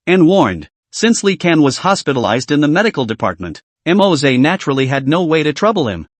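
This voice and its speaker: Lively male comic-recap narrator. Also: fairly high pitch, dry recording.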